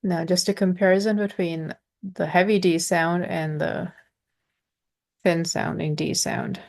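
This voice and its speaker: A woman teaching pronunciation in an informal lesson, patiently explaining with halting pauses and sounding out letters. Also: on the low side, steady tone, gravelly.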